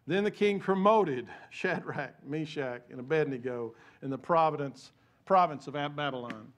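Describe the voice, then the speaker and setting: A male pastor delivers a sermon in a church, his voice sitting a bit high for a man. He tells stories with frequent restarts and repeated words, and he drops to a soft, low voice when he prays. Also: moderate pace.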